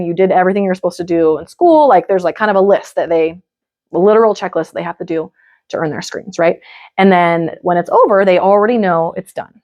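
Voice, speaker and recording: A woman in her thirties leads a live parenting workshop in a relaxed, conversational way. She talks in a mid-range voice, loose and chatty, and keeps checking in with the room. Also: medium pitch. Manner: casual, chatty, many "like" and "right?" fillers. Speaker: parenting coach.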